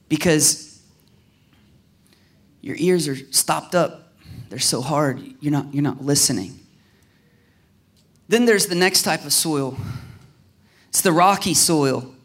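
Animated preacher, fairly high voice. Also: male voice. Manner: animated, acts out voices, rises to near-shouts. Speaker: pastor. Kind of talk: sermon.

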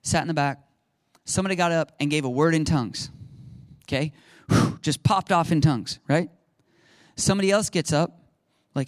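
A male pastor preaching a sermon and telling stories in an animated, conversational way. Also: a little high, a little fast, no room sound, studio quality. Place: church sanctuary.

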